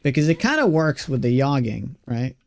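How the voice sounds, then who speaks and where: A man's voice: fairly high pitch, animated, normal speed. Chatty Swedish-accented young man streaming. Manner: chatty, self-deprecating, many restarts and fillers. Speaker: game streamer. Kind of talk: casual chat while gaming.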